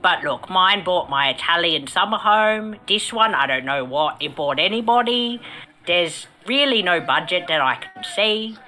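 A woman's voice: fairly low pitch, animated, a little slow, pushed and bright. A woman doing an impression of a grumpy, crude older British film actor, blunt and swearing.

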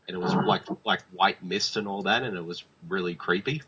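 A man's voice: sits low, fairly quick, highs cut off, heavy background noise. A young man co-hosting a podcast, chatting casually and rambling with many fillers. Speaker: podcast co-host. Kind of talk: casual chat.

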